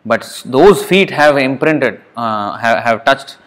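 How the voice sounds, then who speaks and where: A man's voice: mid-range voice, lively intonation, takes it slowly, fairly bright tone. A man speaking at a temple, telling a sacred story in a conversational sermon, acting out the quotes and asking the listeners questions.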